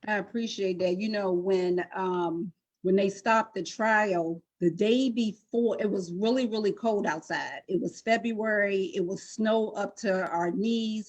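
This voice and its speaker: A woman's voice: mid-range voice, a little slow, muffled recording. Impassioned woman telling her story. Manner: impassioned and emphatic. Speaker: guest. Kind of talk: emotional personal testimony.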